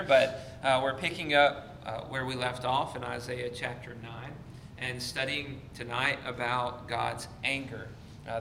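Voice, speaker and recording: A man's voice: medium pitch, sharp tone. A man teaching an evening Bible study in a conversational way, with many fillers and restarts. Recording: echoey room with faint noise.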